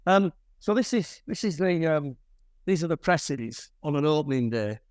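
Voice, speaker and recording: A man's voice: a little high, expressive, moderate pace, darkish tone, no room sound. An older man gives a chatty slide talk to a camera club, telling stories with dry, wry humour. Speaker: guest presenter at a camera club. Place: club meeting room.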